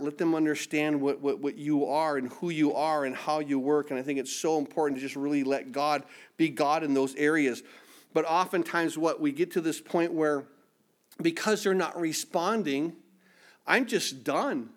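Emphatic male preacher, fairly high voice. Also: a little fast. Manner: emphatic, repeats phrases, acts out voices of scripture figures. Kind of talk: sermon.

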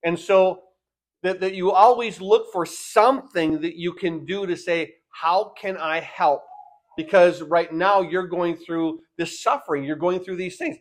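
High-voiced older man preaching a sermon. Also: a little slow. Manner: rhetorical questions, repeats words, acts out quoted voices. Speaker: pastor.

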